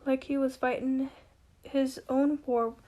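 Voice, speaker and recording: A woman's voice: high-pitched, level tone, slow, mellow. Woman reading a wistful old widow. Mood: reminiscing. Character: older woman, a wistful grieving widow and matriarch. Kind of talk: amateur play reading.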